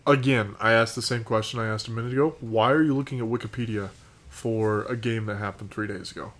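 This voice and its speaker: A man's voice: lowish voice, fairly even intonation, fast talker, a bit bright. An American man co-hosting a casual sports podcast, dry and teasing, laughing easily as he argues predictions. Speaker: podcast co-host.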